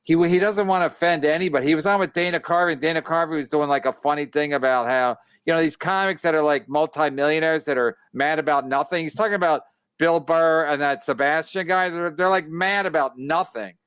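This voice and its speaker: A man's voice: a little high, brisk, few pauses, fairly bright tone, smooth, dry recording. A man hosting a casual comedy podcast, ranting and swearing with stammering restarts. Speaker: comedian host.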